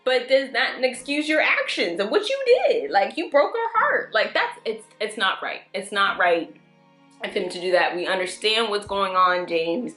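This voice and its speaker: A woman casually recapping and reviewing TV episodes in an animated way, often acting out the characters' lines. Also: medium pitch, normal speed, echoey room, soft background music. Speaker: TV review vlogger.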